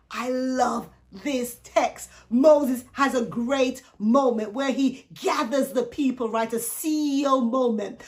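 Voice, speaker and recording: A woman coaching her viewers in a faith-based talk, speaking straight to them with rhetorical questions and acting out the voices of people in the story. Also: high voice. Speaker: Christian life coach.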